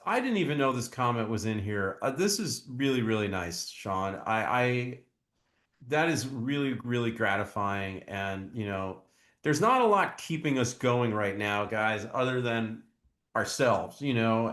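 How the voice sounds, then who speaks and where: Reading viewer comments on his true crime podcast, this co-host sounds animated and a little bright, his medium-pitched voice carrying some reverb. His casual, earnest chat is halting, full of restarts and repeated words.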